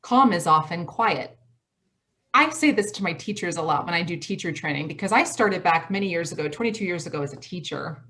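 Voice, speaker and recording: A woman in her forties from Michigan with a Midwestern accent gives a motivational talk over a video call from home. She talks fast, stresses her points hard and repeats her key phrases. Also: on the low side, expressive, bright, forceful tone. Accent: Midwestern American. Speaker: college president giving a talk.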